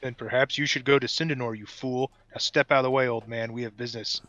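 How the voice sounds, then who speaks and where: A man's voice: mid-range voice, fairly even intonation, fast, sharp tone, highs cut off, natural voice. A man playing a brash, defiant Nordic warrior. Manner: gruff defiant in-character speech.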